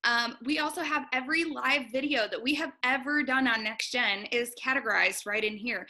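Bright, quick-talking woman, gym owner, upbeat webinar host, lots of ums. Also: high voice. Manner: excited, fast-talking, uses many ums. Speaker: gym owner and program coach. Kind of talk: casual webinar walkthrough.

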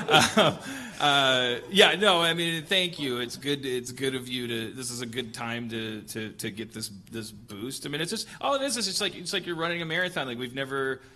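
A man's voice: mid-range voice, normal speed, pushed and bright. A middle-aged man hosting a live comedy podcast, rambling and restarting his sentences with self-deprecating asides. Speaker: podcast host. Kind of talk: casual comedic chat on a live show. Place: live venue on stage.

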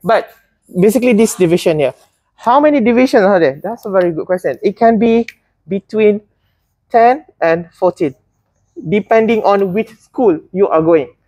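A husky-voiced woman runs a botany class in a casual, chatty way, teasing the students now and then and tripping over her own words. The sound is dry and close, with little room echo. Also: mid-range voice, expressive, moderate pace, dark tone. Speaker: botany lecturer. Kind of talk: classroom lecture.

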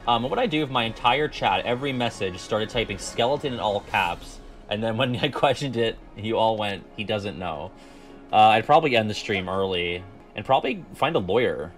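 A man's voice: on the low side, lively intonation, fairly quick, faint music behind. A man streaming video games, chatting casually with his viewers, joking and swearing freely. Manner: joking, profane, talks to chat. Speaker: gaming streamer. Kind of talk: casual gaming stream chat.

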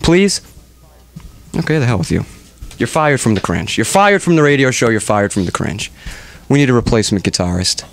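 A man's voice: medium pitch, big pitch swings, brisk, long pauses. A man hosting a comedic radio show on a studio microphone, ranting in mock-melodramatic exasperation.

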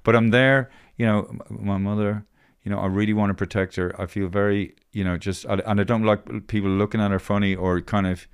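A man's voice: fairly low pitch, steady tone, brisk, hardly any pauses, clear, resonant tone. An Irish man hosting a podcast, telling a heated, swearing story full of stumbles and restarts. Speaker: podcast host. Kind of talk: casual podcast chat.

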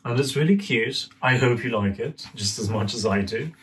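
A young man in a gentle, friendly manner, reading a children's story aloud at home. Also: mid-range voice, normal speed. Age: young adult. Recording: voice a bit far from mic.

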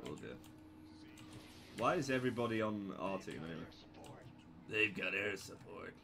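A man's voice: fairly low pitch, lively intonation, moderate pace, gravelly. A young man commentating casually on his own gameplay, sweary and sarcastic, with sudden yelps and laughs.

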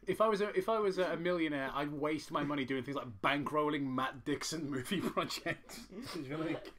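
A man's voice: fairly high pitch, moderate pace, a bit bright. A man hosting a casual film commentary, sweary, rambling and sarcastic. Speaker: commentary host.

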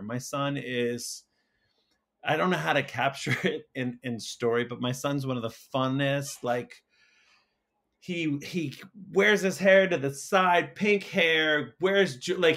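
A man, a school counsellor and podcast guest, telling a personal story in casual conversation, halting with many restarts and fillers. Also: medium pitch, fairly bright tone.

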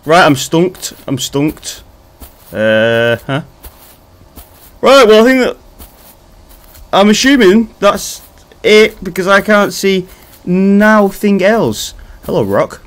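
A man's voice: high-pitched, expressive, drawn-out words, long pauses. Jokey, swearing guy playing a horror game. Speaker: gaming commentator. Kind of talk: casual let's-play commentary.

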